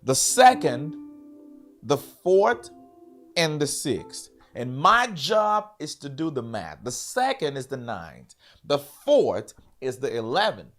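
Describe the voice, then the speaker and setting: A man's voice: mid-range voice, big pitch swings, slow, fairly bright tone. A man teaching a live-streamed piano lesson, repeating points and quizzing his viewers.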